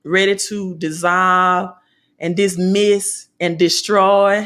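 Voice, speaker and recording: Hosting a motivational business talk, this woman preaches in alliterations and slogans she keeps repeating. She has a Southern American accent and a low-leaning, slightly bright voice, and she takes her time.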